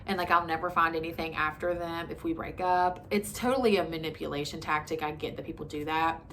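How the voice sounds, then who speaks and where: A woman's voice: sits low, steady tone, fairly quick, a bit bright, a little hiss or hum. A woman in her twenties telling a frank personal story to her camera, talking conversationally with many likes and ums. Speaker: vlogger. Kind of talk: candid storytime monologue.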